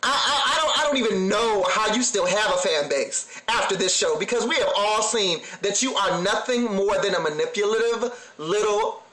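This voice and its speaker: A man giving a sassy, animated, slang-heavy casual review of a TV episode. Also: high voice, moderate pace, hardly any pauses, a crowd in the background. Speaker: TV recap vlogger. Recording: echoey room.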